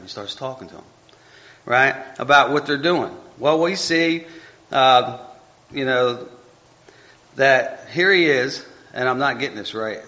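A man's voice: mid-range voice, sharp tone. A man leading an informal Bible study, rambling and correcting himself as he stumbles over hard names. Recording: dull lo-fi recording.

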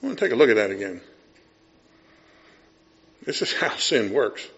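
A middle-aged male pastor preaching a sermon, acting out scenes and voices, dropping to a hush and then rising loud. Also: medium pitch, very animated, moderate pace, muffled recording.

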